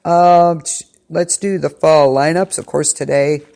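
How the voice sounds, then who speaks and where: Gravelly-voiced woman radio host. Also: deep voice, fairly even intonation, unhurried, mellow. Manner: rambling, with many ums and restarts. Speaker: internet radio show host. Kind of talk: casual show wrap-up and schedule rundown. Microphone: studio mic, pre-recorded.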